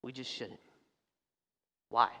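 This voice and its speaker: A man preaching a sermon as a pastor, telling a story in a lively way and acting out the voices of people in it. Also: takes it slowly. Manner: animated storytelling, acts out quoted voices, laughs. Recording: long hall reverb.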